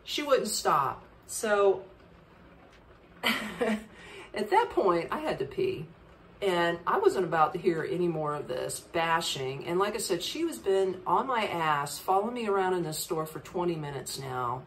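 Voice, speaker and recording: A woman's voice: on the low side, a little slow, recorded from a distance, slight background noise. A woman hosting a podcast, telling a travel story in a chatty way and acting out the dialogue. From United States. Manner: animated, chatty, acts out dialogue. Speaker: podcast host.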